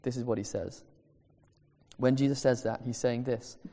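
A man preaching a sermon in a church, earnest and emphatic, slowing down on key phrases. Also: medium pitch, steady tone, mellow. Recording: long reverb of a large hall.

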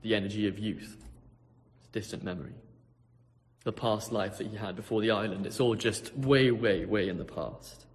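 A pastor preaching a sermon, telling a story vividly, swinging from hushed tones to loud ones. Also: male voice, lowish voice, fairly even intonation, moderate pace, in a large hall.

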